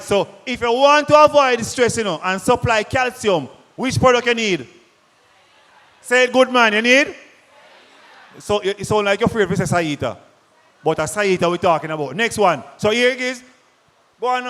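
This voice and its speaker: A man with a Jamaican accent giving an energetic product presentation to farmers, firing questions at the crowd. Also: high voice. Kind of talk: lively sales presentation to a live audience. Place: large conference hall. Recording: long hall reverb.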